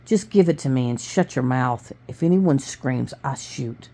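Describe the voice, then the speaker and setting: A woman reading a book aloud, voicing a nervous male mugger in a low, gruff, threatening voice. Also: lively intonation, unhurried, dark tone, full character voice.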